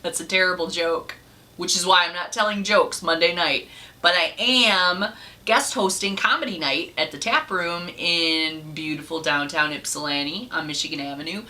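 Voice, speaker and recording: A woman's voice: on the low side, normal speed, bright, forceful tone. A woman giving a casual, rambling vlog update in a chatty way, with many fillers. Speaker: vlogger and comedy night host.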